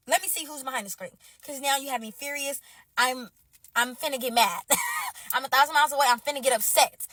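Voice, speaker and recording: A woman telling a dating story in casual, animated slang, talking straight to her viewers as y'all. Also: high-pitched, a little fast, no room sound.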